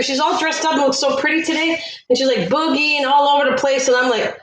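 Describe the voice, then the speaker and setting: A woman hosting a casual cooking livestream, chatting away and warmly thanking viewers by name from her kitchen. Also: sits high, steady tone, a little fast, few pauses, a little hiss or hum. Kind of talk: casual live-stream chat. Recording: echoey room.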